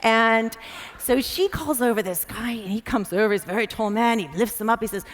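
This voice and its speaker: An American woman with a fairly high voice tells animated anecdotes from a stage, full of fillers. Her words ring out with a long reverb in a large hall. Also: brisk. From United States. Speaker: former diplomat, speaker. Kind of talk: anecdotal storytelling talk.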